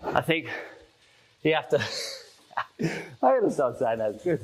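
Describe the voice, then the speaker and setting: A man's voice: a little high, very animated, unhurried, a little hiss or hum. A young man co-leading a workout, joking and chatting between exercises. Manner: jokey, self-deprecating, chats between sets. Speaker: fitness coach. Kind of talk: workout class banter.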